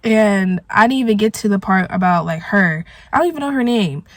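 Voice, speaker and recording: A woman's voice: mid-range voice, lively intonation, a little fast, no echo. A young woman telling an emotional, rambling storytime vlog, full of "like". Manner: emotional, rambling, heavy use of filler "like". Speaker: vlogger. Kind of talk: storytime vlog while smoking.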